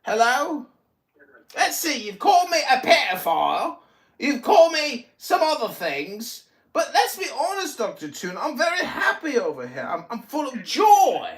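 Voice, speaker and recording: A man in his forties hosting a livestream, taunting and mocking an opponent with loud, profane outbursts in a heated argument. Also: extremely high pitch, wildly swooping pitch, unhurried. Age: 40s. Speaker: livestream host.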